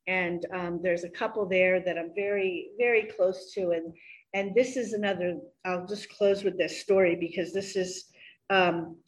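A woman's voice: medium pitch, poor audio. A middle-aged woman giving a church talk, telling a personal story in an earnest, storytelling way with fillers. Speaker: guest speaker.

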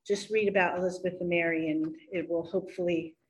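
A woman's voice: lowish voice, steady tone, fast, low-quality recording. Earnest middle-aged woman speaker. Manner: earnest, warm storytelling with fillers. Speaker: guest speaker. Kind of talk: church talk with personal story.

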